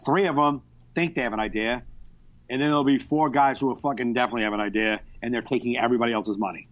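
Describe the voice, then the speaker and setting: A man chatting on a podcast over a video call, telling stories in an animated, profane way. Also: mid-range voice, quick pace. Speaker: podcast co-host. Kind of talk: casual podcast chat. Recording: dull lo-fi internet call.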